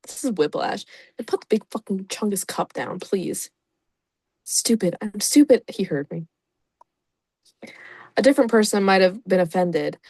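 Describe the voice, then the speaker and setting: A woman's voice: fairly low pitch, darkish tone, dry recording. A young woman YouTuber reading a story aloud and reacting to it with sarcastic, profane, self-mocking asides. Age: young adult.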